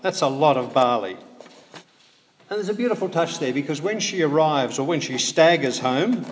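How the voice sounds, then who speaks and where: A man preaching a sermon in a measured way, with rhetorical questions and dry humorous asides. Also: on the high side, expressive. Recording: echoey hall, faint background noise.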